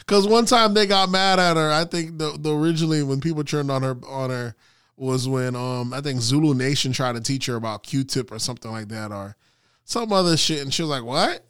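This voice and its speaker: Male podcast co-host, casual chat, smooth resonant voice, dry sound, laughs often. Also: medium pitch, a little fast, dry recording. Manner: animated, laughs often, swears freely.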